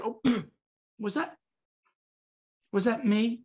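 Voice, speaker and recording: A man's voice: high voice, big pitch swings, brisk. A man performing comic magic patter for a live audience, swinging from very serious to absurd, with teasing asides.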